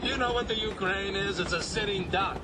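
A man's voice: high voice, normal speed, natural voice. An actor playing a boastful man who taunts his rival over a board game in a sitcom clip. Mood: gloating. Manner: taunting, theatrical. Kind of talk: sitcom acting. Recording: TV clip under loud noise.

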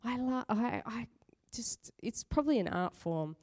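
A middle-aged woman preaches a conversational sermon packed with personal stories, chatting, laughing often and poking fun at herself. Her voice is fairly high and a little mellow, with lively intonation and a slightly slow pace.

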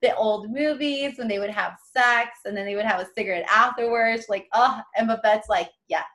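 Young woman podcast co-host, slightly high voice, chatty and animated. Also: a little fast. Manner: chatty, animated, acts out quotes with many "like"s. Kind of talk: casual chat about a TV show.

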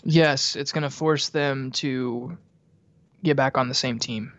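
A man's voice: medium pitch, fairly even intonation, slow, fairly bright tone, dry recording. A man co-hosting a casual book-club podcast, talking in a playful, enthusiastic, jokey way, on a dull lo-fi recording. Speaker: podcast co-host.

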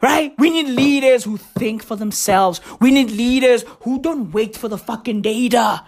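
A woman hosting a comedy podcast, ranting loudly with constant swearing and bursts of laughter. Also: fairly high pitch, normal speed, hardly any pauses. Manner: profane, rowdy, loud and laughing. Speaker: podcast host.

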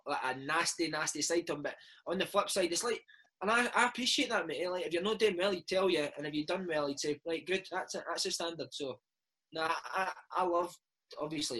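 A Scottish man in his thirties, a former footballer telling animated stories in a casual interview chat, dropping "mate" into every other line. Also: on the high side, husky, poor audio. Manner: animated storytelling, peppered with "mate". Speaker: former footballer and podcast host, interview guest.

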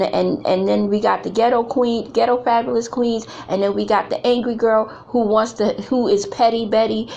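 Blunt woman with a gravelly voice. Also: a little high, a little mellow. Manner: blunt, emphatic, repeats phrases for effect. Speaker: speaker addressing women. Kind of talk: candid motivational talk.

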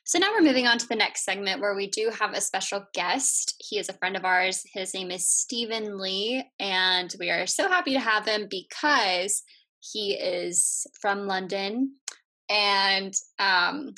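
A woman's voice: mid-range voice, unhurried, bright, forceful tone. A woman from the United States co-hosting a casual podcast, upbeat, chatty and enthusiastic. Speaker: podcast co-host.

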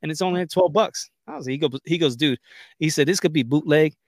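This podcast co-host is a man who talks fast in a higher-leaning voice, spinning stories in relaxed conversation and performing the quotes. The sound is clean studio audio without echo.

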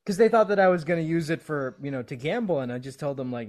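A man interviewing a guest in casual chat, telling stories in a relaxed way with stammers and chuckles. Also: a little high, quick pace, hardly any pauses.

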